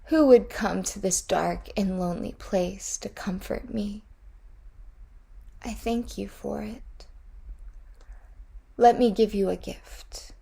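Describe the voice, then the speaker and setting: A woman voicing the female queen of the dead in a storybook, moaning in drawn-out wails. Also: medium pitch, creaky, mellow, slightly rough, exaggerated voice. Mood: wondering.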